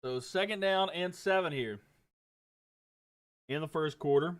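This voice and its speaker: A young man giving casual play-by-play commentary on a livestream, getting louder on big plays and dropping low when he talks to viewers. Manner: rises and quickens on big plays, drops low chatting with viewers.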